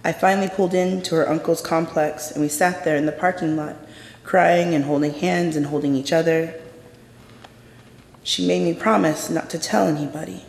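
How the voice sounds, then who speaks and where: Guy doing a dramatic story monologue on stage, gravelly, slightly high voice, big echoey theater. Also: fairly even intonation, normal speed, a little hiss or hum. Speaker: stage performer telling a personal story. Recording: echoey hall with long reverb.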